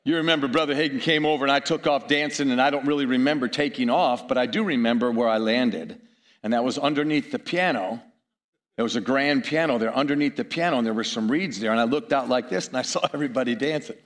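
A man's voice: mid-range voice, quick pace. A middle-aged man preaching a sermon, telling stories with chuckles and asides to the audience.

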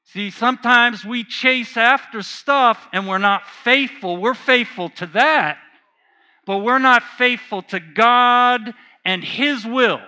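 A man's voice: very high voice, takes it slowly, pushed and bright, clean tone. A man preaching a sermon, telling a personal story with earnest feeling and repeating phrases for emphasis. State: choked up while reading.

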